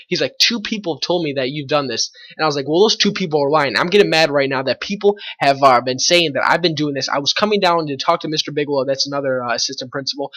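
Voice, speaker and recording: A man's voice: a little high, bright, forceful tone. A teenage boy rambling through a storytime monologue, full of fillers and swearing. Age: teens.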